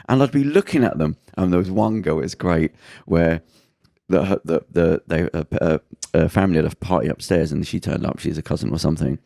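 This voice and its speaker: Gravelly man telling a story. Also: low-pitched, dry recording, clean studio sound. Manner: lively, acts out the people in his stories. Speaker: podcast co-host. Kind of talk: casual storytelling anecdote.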